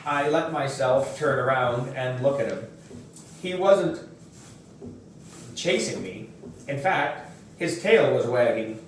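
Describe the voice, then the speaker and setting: A man slowly reading a children's book aloud at home, recorded from a distance. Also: medium pitch. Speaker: reader. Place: room at home. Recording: echoey room, far from mic, faint noise.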